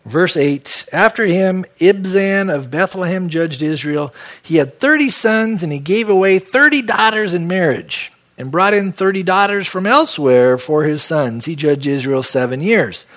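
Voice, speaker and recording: A man's voice: high-pitched, measured pace, a bit bright. A man from San Diego teaching verse by verse through a Bible passage as pastor, with conversational, folksy asides.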